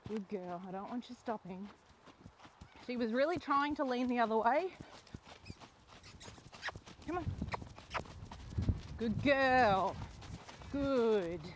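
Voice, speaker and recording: A young woman riding and training a horse outdoors, explaining each step calmly and softly praising the horse. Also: a little high, slow, pauses often, a little hiss or hum. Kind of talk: narrated riding lesson while training a horse. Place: outdoor rural riding arena.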